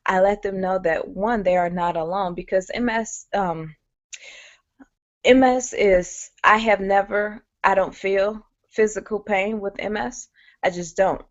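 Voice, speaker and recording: A woman's voice: mid-range voice, steady tone, moderate pace, dry recording. A woman sharing a personal story candidly on a webinar, talking conversationally with many fillers. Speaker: guest speaker. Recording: muffled lo-fi audio.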